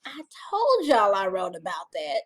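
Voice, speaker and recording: Middle-aged woman chatting to her viewers, playful and talky, voice jumps all over in pitch. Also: wildly swooping pitch, measured pace. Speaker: vlogger reading her gratitude journal. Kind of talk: casual chat.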